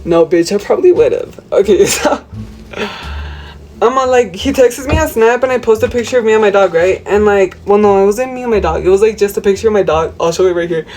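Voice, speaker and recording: A woman's voice: medium pitch, a little fast, darkish tone, faint music behind, low-quality recording. A woman chatting through a casual home cooking vlog, rambling and crude, with Spanish slang mixed into her English. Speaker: cooking vlogger. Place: home kitchen.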